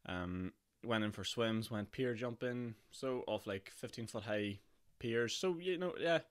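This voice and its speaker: A hoarse young man with a Northern Irish accent, hosting his podcast in a chatty, jokey way. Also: on the low side, a little slow. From Northern Ireland. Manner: chatty and jokey, with frequent laughs and fillers. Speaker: podcast host. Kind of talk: casual solo podcast chat.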